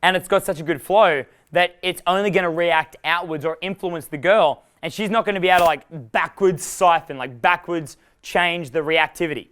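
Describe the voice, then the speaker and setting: Young male dating coach, raised voice, clean smooth tone, rambling and swearing, chuckles at himself. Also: a little high, moderate pace, few pauses, fairly bright tone. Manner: rambling, profane, laughs at his own jokes. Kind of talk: live workshop talk.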